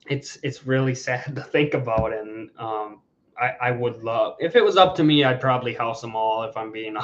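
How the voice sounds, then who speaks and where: Rambling man on a dull lo-fi stream. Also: medium pitch. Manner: rambling, restarts and repeats words. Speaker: livestream host. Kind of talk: casual livestream chat. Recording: dull lo-fi sound.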